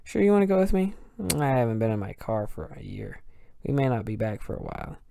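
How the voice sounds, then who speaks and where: A man's voice: medium pitch, big pitch swings, a little fast, creaky, mellow, a little hiss or hum. A man reading the dialogue of an anxious young woman afraid to drive, in his own voice.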